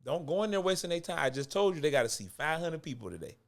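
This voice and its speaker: A man's voice: on the high side, big pitch swings, quick pace, creaky. A man giving acting coaching in a casual talk, close to the mic, repeating his points for emphasis. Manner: conversational, repeats points for emphasis, chuckles between lines. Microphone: close microphone.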